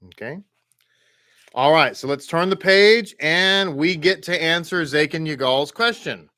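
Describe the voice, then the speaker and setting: A man's voice: a little high, dry recording, clean studio sound. Chatty Texan man teaching a class. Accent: Texas. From American South. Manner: relaxed, chatty, drawn-out examples with repeated words. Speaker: Hebrew reading teacher. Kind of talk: online class instruction.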